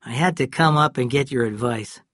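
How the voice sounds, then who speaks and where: A man's voice: mid-range voice, normal speed, a bit bright, no room sound, clean studio sound, lightly acted. A man voicing a stern young deputy sheriff who presses firm questions. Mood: respectful.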